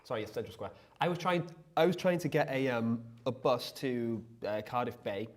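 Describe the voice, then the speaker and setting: A man's voice: mid-range voice, moderate pace, a little hiss or hum. A man co-hosting a livestream, chatting casually and acting out the people in his stories. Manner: animated storyteller, acts out quoted exchanges. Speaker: livestream co-host. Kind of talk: casual chat.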